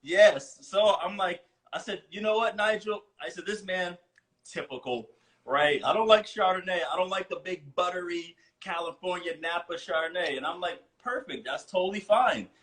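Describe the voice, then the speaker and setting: A man joins a live video chat as a guest, his voice sitting a little high. He talks in an upbeat, joking way, full of energy and quick asides. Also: a bit bright. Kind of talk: casual live-stream chat. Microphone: video call.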